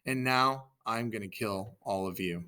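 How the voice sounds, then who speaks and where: A man puts on a swaggering warrior who bellows taunts at his enemies. The voice is loud and bright, pitched up and mocking throughout. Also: unhurried, clear, resonant tone. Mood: taunting. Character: boastful invincible male warrior, taunting.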